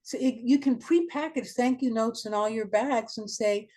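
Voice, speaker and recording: A woman's voice: a little high, moderate pace, darkish tone. A woman marketing consultant giving a webinar presentation, direct and emphatic, asking the listeners many questions. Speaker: marketing consultant, guest speaker.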